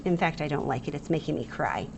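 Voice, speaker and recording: A woman's voice: sits low, animated, fast talker, a little mellow, slight background noise. A woman teacher giving a review lesson to young students, playful and acting out the example sentences.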